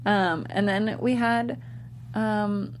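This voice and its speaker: A woman co-hosting a podcast, giggly and animated, steering a casual TV recap. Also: medium pitch, drawn-out words, a little hiss or hum. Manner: giggly, animated, leads the segments. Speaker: podcast co-host.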